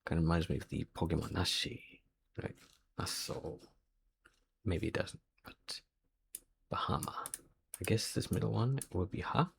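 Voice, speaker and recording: Working through a quiz, a quiz video host thinks aloud, hesitantly muttering guesses to himself. His voice sits low and creaky, with a faint hiss or hum in the background.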